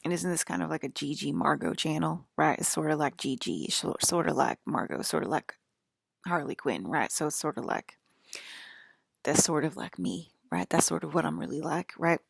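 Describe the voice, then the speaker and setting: Low, gravelly rambling woman vlogger. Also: lively intonation, moderate pace, dry recording, clean studio sound. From northern US. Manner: rambling, many fillers and restarts, tangents. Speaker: online broadcaster. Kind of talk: casual rambling monologue.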